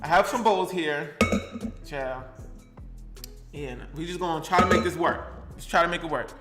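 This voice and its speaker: A young man with a fairly high voice chats sassily to the camera as he cooks, speaking at a moderate pace in a roomy space with music behind him. It's a casual cooking vlog, and he's playful and easygoing, talking both to viewers and to his kitchen things.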